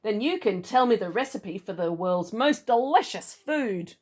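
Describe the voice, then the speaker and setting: A woman's voice: medium pitch, expressive, a little slow. A woman voicing a greedy male storybook character who loves food and speaks dismissively.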